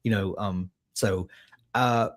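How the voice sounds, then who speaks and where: A man co-hosting a casual book chat, thinking aloud in a rambling way with many pauses. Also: fairly low pitch, steady tone. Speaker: podcast co-host.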